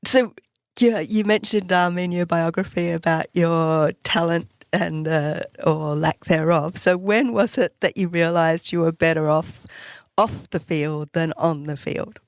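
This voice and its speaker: A woman's voice: fairly low pitch, a little slow, no echo, clean studio sound. Woman co-hosting a podcast interview. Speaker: podcast co-host.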